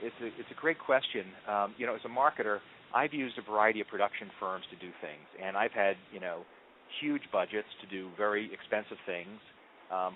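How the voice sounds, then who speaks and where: A man with a lowish voice tells his story with lots of ums and false starts, as if chatting about his work. The sound is thin and tinny, like a phone line, with a faint hiss underneath. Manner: animated storyteller, frequent ums and restarts. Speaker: marketing executive guest. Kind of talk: conversational interview answers.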